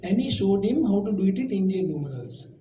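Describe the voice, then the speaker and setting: A man delivers a public lecture and weaves in humorous stories and chatty asides. His voice sits high and sounds mellow. The sound is roomy, with a faint hiss in the background. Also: sing-song, brisk. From Sri Lanka.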